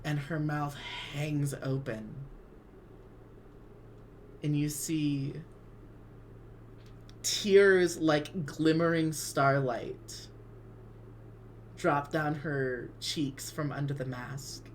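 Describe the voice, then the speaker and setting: A woman's voice: low-pitched, extremely slow, long pauses, a little mellow, slight background noise. A woman narrating a tabletop game as game master, hedging her words and laughing often.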